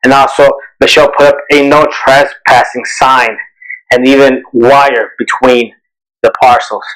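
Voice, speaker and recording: Brief: male tutor, mid-pitched, explanatory lesson delivery. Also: flat delivery, a little slow, fairly bright tone, poor audio. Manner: explanatory, asks and answers his own questions. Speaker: bar exam tutor. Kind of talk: recorded exam review lesson.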